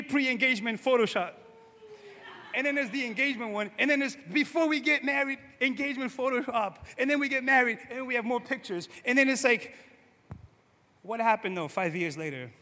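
A male pastor from Cape Verde, preaching in a lively, conversational way and often asking "right?", swinging between loud and soft. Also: very high voice, a little fast, in a large hall. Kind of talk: sermon.

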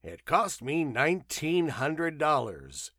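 A man's voice: fairly high pitch, very animated, takes it slowly, fairly bright tone, dry recording, studio quality, pitched above the performer's own voice, full character voice. A man voicing a cheerful, talkative traveling salesman who rattles on heartily in a storybook reading.

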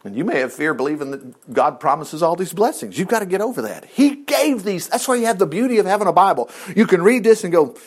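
A man with a high-pitched voice preaches an informal sermon, retelling Bible stories in a chatty, lively way. He drops in joking asides and acts out the quoted lines as he goes. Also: fast, few pauses, breathy edge.

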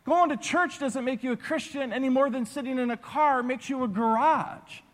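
A man's voice: very high-pitched, normal speed, big-room sound, voice pushed up. A man voicing an earnest teenage boy who speaks firmly and pointedly.

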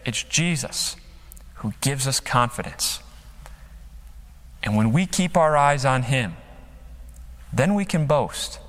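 A man's voice: mid-range voice, fairly bright tone. A man preaching a sermon as pastor, emphatic, acting out quotes with dramatic rises and drops, speaking from a church stage. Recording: long hall reverb.

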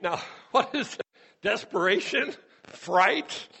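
A man giving a sermon to a congregation, emphatic, with dramatic pauses and hushed moments of storytelling. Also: high-pitched, animated, creaky, breathy edge. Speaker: Christian speaker.

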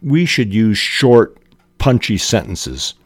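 A man hosting a podcast on fiction writing, explaining techniques deliberately with frequent fillers. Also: on the low side, sing-song, husky, no echo, studio quality. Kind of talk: explanatory talk and reading aloud.

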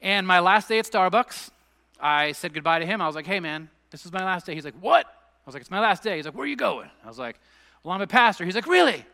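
Bright-voiced pastor preaching in a reverberant hall. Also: male voice, high voice, fast talker. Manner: conversational storytelling preacher, rising to emphatic peaks. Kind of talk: sermon. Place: church sanctuary.

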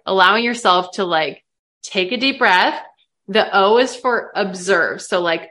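A young woman from the American Midwest guests on a casual podcast. She talks openly and chattily, sprinkling in likes and ums, in an ordinary middle pitch. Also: a bit bright.

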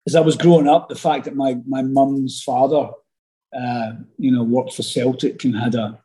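A middle-aged Scottish man, an actor guest telling stories in a casual interview, animated and rambling with many fillers and restarts. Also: medium pitch, moderate pace, low-quality recording. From Scotland.

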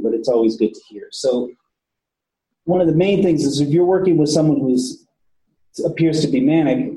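A man who works with patients gives a conversational training lecture to police officers, often repeating words and swearing casually. His medium-pitched voice is mellow, and the rough recording has an echoey room.

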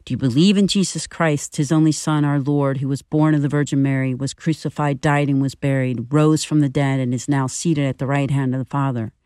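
A woman in her fifties giving a scripted, earnest and personal spiritual reflection in a measured way. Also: extremely low pitch, fairly even intonation, warm tone, dry recording, studio quality. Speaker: podcast reflection speaker.

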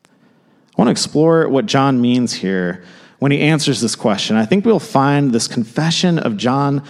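A man preaching a sermon in a casual, conversational way, with quick asides and restarts. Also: medium pitch, animated, long reverb tail. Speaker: pastor. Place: church sanctuary.

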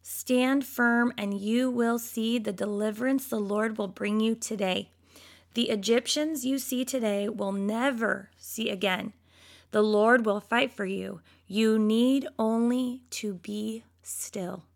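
In an unhurried, gravelly voice that sits on the high side, a woman gives a devotional lesson from the Bible. She reads scripture aloud, talks right to her listeners with liveliness, and imitates complainers in a mocking, whiny tone.

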